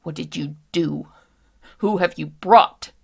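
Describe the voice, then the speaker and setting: A panicked woman slowly turning into something undead, as a woman game master plays her. She pleads and lashes out by turns, her low, gravelly voice dropping into hushed, desperate whispers. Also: exaggerated voice. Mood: frantic. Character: frantic woman turning undead, losing control.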